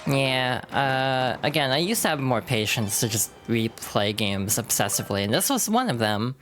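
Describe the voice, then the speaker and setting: A woman streamer chatting casually over gameplay, self-deprecating and relaxed. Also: a bass voice, normal speed, few pauses. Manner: chatty, self-deprecating, reads game text aloud.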